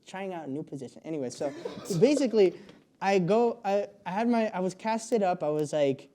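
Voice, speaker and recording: This young man's voice is fairly high with a dark tone. He's a podcast guest telling a long, rambling story full of fillers and frequent laughter.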